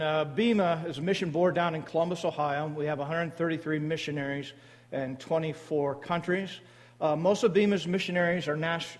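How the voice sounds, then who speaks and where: Guy talking about missions to a church, lots of uhs and restarts, slightly high voice, big reverby hall. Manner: halting, many fillers and restarts. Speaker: missionary speaker for a mission board.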